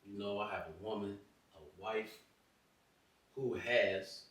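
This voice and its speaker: A man's voice: fairly low pitch, slow, fairly bright tone, very echoey, distant mic. A man co-hosting a casual chat with his wife, speaking in a laid-back, playful way. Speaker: podcast co-host.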